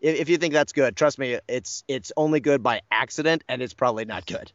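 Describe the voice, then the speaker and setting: A man's voice: mid-range voice, brisk, no echo, highs cut off. A man who voices cartoon characters, chatting casually in an interview, rambling, joking about himself and swearing now and then. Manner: rambling, self-deprecating, jokey, swears. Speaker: voice actor guest.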